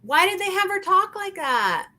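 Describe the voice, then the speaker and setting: A woman hosting a casual review chat, talking in an animated, emphatic way and repeating her points. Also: very high voice, moderate pace. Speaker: channel host.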